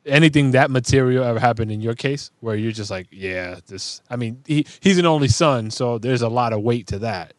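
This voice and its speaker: A man with a mid-pitched, ordinary voice who hosts a relaxed podcast talk. He asks questions and tells stories from home, swearing casually and sometimes dropping into a low mutter. The sound is close and dry. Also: a little fast, hardly any pauses, dry recording. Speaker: podcast host. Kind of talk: casual chat.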